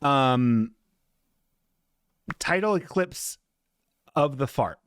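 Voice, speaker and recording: A man's voice: mid-range voice, animated, extremely slow, a bit bright, clear, resonant tone, no echo, clean studio sound. A man hosting a live podcast, reading out chat messages in a loose, jokey way, swearing freely and slipping into silly voices for the people he quotes. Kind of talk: casual live-stream chat.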